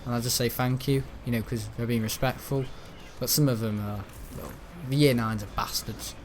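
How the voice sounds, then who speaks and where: A man's voice: medium pitch, steady tone, moderate pace, soft background music. A young man, chatting casually and telling school stories while gaming. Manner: chatty, storytelling, mimics the people he talks about. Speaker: gaming channel host. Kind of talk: casual rambling chat over gameplay.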